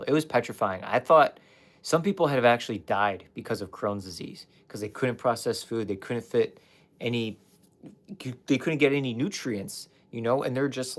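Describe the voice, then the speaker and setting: A young man candidly telling his personal story on a livestream, swearing at times and talking straight to his chat. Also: medium pitch. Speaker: life coach livestreamer.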